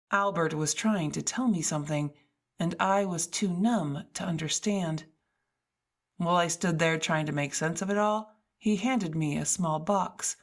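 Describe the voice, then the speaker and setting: A woman narrating a first-person audiobook in a wry, self-mocking storytelling manner. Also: on the low side.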